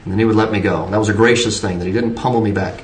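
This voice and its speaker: A man's voice: lowish voice, fairly even intonation, very fast, a little hiss or hum. A man preaching an earnest sermon, pressing his points with shifting emphasis and frequent restarts. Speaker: pastor. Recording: roomy, distant from the mic.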